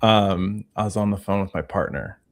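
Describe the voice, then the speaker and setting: A man on a casual livestream telling an animated story, acting out the voices of the people he quotes. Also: lowish voice, normal speed. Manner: animated storyteller who acts out quoted dialogue. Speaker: guest.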